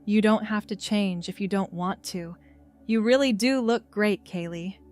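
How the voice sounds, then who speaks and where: A woman reading a story voices a kind, supportive friend in a soothing, slightly lower and quieter tone. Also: measured pace, faint music behind, lightly acted. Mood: gentle.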